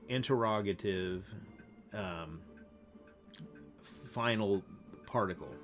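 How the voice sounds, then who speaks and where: A man who is losing his voice, explaining grammar in a casual, halting way while playing a game. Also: lowish voice. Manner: relaxed, halting explanations with fillers. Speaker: language teacher. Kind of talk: casual gameplay lesson.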